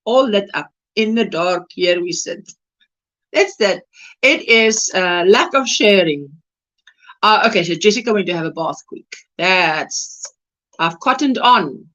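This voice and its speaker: A woman's voice: mid-range voice, animated, measured pace, fairly bright tone, poor audio. A South African woman hosting a crochet livestream, chatting casually and reading out and greeting viewers' comments by name.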